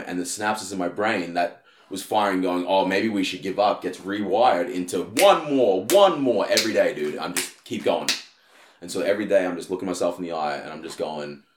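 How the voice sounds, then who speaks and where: A man's voice: deep voice, roomy sound. A man in casual conversation, talking animatedly and swearing often. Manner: heavy swearing, animated storytelling. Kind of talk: casual chat.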